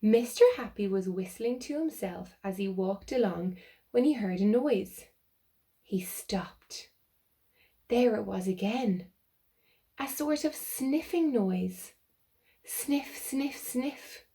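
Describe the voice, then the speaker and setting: Slow, expressive woman reading a children's story. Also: mid-range voice. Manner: slow, expressive, with soft whispered asides. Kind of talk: reading a picture book aloud to children.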